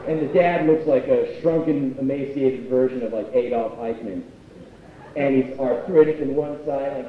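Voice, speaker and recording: A man's voice: medium pitch, steady tone, normal speed. A man performing live spoken word, telling a story in a blunt, profane, conversational way. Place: university union hall, live stage. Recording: distant echoey hall, dull live tape.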